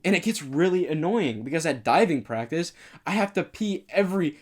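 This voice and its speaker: A man's voice: a little high, lively intonation, brisk. A young man in his late teens co-hosting a casual podcast, goofy and earnest, rambling through his explanations. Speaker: podcast co-host. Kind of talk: casual chat.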